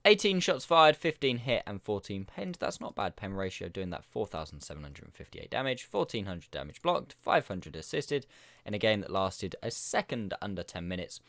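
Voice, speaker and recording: Lively man commentating gameplay. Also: lowish voice, moderate pace, creaky, dry recording. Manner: chatty, upbeat and self-mocking. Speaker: gaming YouTuber.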